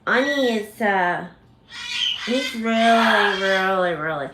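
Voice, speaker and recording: A woman's voice: medium pitch, animated, slow. A woman hosting a casual livestream about her parrots, chatting with viewers and laughing as she imitates bird screams. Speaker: parrot channel host. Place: home full of parrots. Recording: echoey room with loud background noise. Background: parrots squawking.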